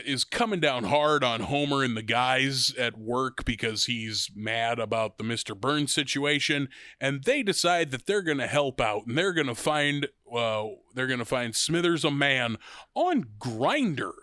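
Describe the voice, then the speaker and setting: A man in his thirties co-hosting a podcast in relaxed, rambling chat, swearing freely and poking fun at himself. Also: medium pitch, measured pace, dry recording, clean studio sound. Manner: swearing, rambling, self-mocking. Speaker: podcast co-host. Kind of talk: casual chat.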